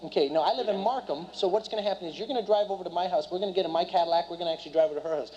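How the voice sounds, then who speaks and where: A man runs a live seminar at a rapid clip, his voice sitting high for a man. He keeps firing questions at the crowd. The recording is dull and lo-fi. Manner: rapid and animated, keeps quizzing the audience. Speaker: seminar speaker and business trainer. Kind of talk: live motivational seminar talk. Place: meeting room before a live audience.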